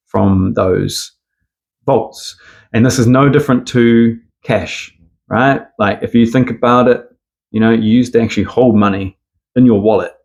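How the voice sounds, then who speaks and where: A man's voice: lowish voice, gravelly, a little mellow. A man giving a rambling, profane opinion monologue full of sarcasm. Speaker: commentator.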